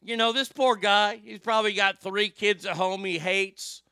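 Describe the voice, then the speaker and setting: Male talk host, brash profane storyteller; clear, smooth voice. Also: sits high, steady tone, moderate pace, dry recording, clean studio sound. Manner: profane, loud and emphatic storyteller. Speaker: radio show host.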